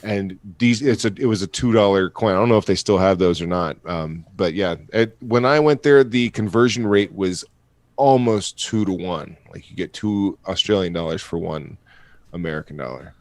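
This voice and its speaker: A low-pitched man co-hosting a podcast in loose, profane banter, often breaking into laughs while he tells stories. His voice is recorded close and dry, with no room echo. He sounds like a man in middle age. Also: normal speed. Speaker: podcast co-host. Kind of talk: casual chat.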